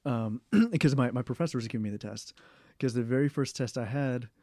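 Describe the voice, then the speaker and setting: Dark-voiced man, rambling. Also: medium pitch, fairly quick, no echo, studio quality. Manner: rambling, many fillers and restarts, frequent throat clearing. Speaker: interviewee. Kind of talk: casual oral history interview.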